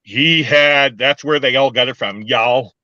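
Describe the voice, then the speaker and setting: An older man from Canada chats casually and keeps breaking into giggles. His voice is bright and forceful. The sound is dry and a little dull. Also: medium pitch, unhurried, dry recording. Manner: giggly, laughs often. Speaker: co-host. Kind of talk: casual chat.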